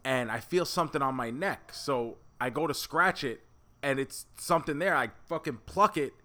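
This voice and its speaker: A man's voice: medium pitch, normal speed, bright, forceful tone. A man co-hosting a podcast, telling stories in a laid-back, wry way. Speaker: podcast co-host. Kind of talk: casual chat.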